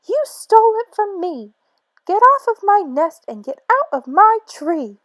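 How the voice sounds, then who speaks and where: A woman voicing a lazy, flighty female bird in a storybook reading, with a shrill, squealing voice. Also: wildly swooping pitch, slow, darkish tone, no room sound, full character voice. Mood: shrill indignant.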